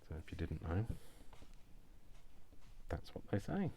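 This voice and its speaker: Man, very deep voice, rambling craft vlog chat, faint background hiss. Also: sing-song, unhurried. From not from Yorkshire, lives there now. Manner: rambling, chatty, self-deprecating asides. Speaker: crafting vlogger. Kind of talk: casual chat while crafting.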